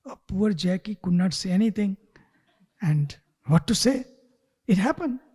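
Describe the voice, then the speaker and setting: Spiritual teacher guy telling a story, soft dark tone, drops into whispers. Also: sits high, lively intonation, unhurried, husky, long reverb tail. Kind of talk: sermon with storytelling. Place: retreat hall.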